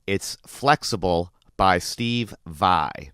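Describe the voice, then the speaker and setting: A man's voice: low-pitched, animated, extremely slow, fairly bright tone, clean tone, no echo, clean studio sound. A man hosting his channel, giving a casual track-by-track album review with enthusiastic, chatty talk. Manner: enthusiastic, chatty, lots of "like" and "crazy". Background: the album's music playing under the talk.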